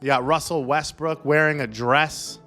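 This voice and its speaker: A man's voice: a little high, steady tone, moderate pace, pushed and bright, soft background music. A man hosting a comedy show, riffing sarcastically on celebrity news. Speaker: host. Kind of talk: comedic pop-culture commentary.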